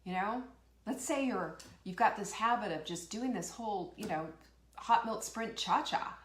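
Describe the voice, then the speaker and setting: A woman with a mid-range voice and lively intonation speaks at a moderate pace in a reverberant space. Hosting a live motivational talk show, she's fired up and emphatic, throwing out rhetorical questions, reading viewer comments aloud, and laughing.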